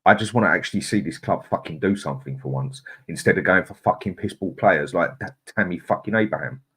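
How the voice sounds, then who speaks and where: A man hosts a live fan stream in a low, husky voice. He rants with heat and swears freely. In between he greets viewers in the chat one by one. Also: quick pace, fairly bright tone. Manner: angry ranting, swearing, greets chat by name. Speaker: host. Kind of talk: live-stream football rant.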